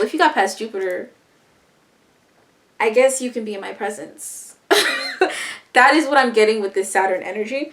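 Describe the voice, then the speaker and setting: A young woman casually explaining astrology in a playful, slangy, animated way. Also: a little high. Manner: animated, slangy, playful, breaks into quoted voices and laughs. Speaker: astrology vlogger.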